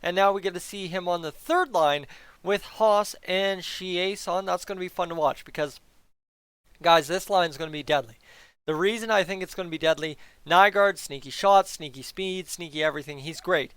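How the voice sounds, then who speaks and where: A chatty man previewing a hockey game, talking straight to his viewers with easy energy. His voice sits high and comes through clean and smooth, close on the mic in a dry room. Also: normal speed, a bit bright, no room sound. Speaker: hockey YouTuber. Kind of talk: casual game preview commentary.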